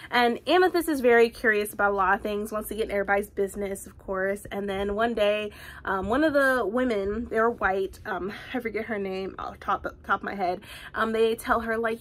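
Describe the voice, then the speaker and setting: A woman reviewing a book in a casual vlog, talking in a chatty, rambling way full of fillers, with animated asides. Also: medium pitch, fairly quick. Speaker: book vlogger.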